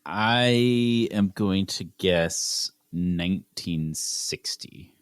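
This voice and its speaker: A man's voice: sits low, lively intonation, slow pace, no room sound, clean studio sound. A man co-hosting a casual podcast, musing his way through a trivia guess. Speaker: podcast co-host. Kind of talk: casual chat.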